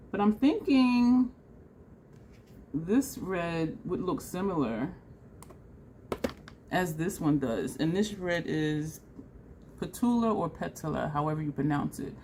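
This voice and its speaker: A woman vlogging a makeup tutorial in a chatty, excitable way, talking straight to her viewers. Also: lowish voice, a little hiss or hum. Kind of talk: casual makeup tutorial chat.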